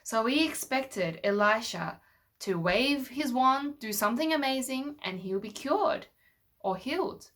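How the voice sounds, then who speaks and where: A somewhat high, slightly bright female voice narrates a Bible story for kids, acting it out with toy figures. She stays patient throughout and keeps checking in with questions for her young listeners.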